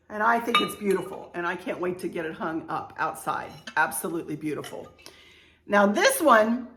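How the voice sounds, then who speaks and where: In an echoey room with a little hiss or hum, a woman in her sixties talks at a moderate pace in a fairly low, animated, fairly bright voice. As a home decor vlogger doing a casual show-and-tell, she chats about her purchases and family heirlooms, gushing that it's all cute and often saying "you know."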